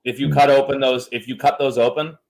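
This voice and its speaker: A man hosting a podcast, chatting casually. He tells stories in a joking, animated way, his voice pitched mid-range. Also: fairly quick, gravelly. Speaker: podcast host.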